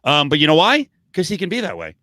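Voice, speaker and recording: A man's voice: on the high side, wildly swooping pitch, fast, pushed and bright, no echo. A man co-hosting a podcast, rambling through casual sports talk with lots of fillers, restarts and swearing. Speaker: podcast co-host.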